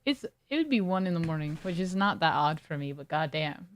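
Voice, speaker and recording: A woman's voice: deep voice, sing-song, fairly quick. A woman streamer chatting casually with her viewers, reading chat aloud and riffing on it in a laid-back way.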